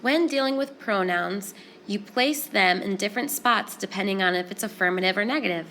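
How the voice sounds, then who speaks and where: A woman teaches a Spanish lesson, walking through each rule in a clear, patient, step-by-step way. Her voice sits at a medium pitch, with a faint hiss of noise behind it. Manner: clear, explanatory, steady step-by-step pacing. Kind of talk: classroom grammar lesson.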